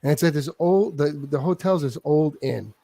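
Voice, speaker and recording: A man in his fifties telling a comic story as a talk-show guest, animated and profane, with stammering restarts. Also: a little high, moderate pace, vocal fry, no echo. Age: 50s.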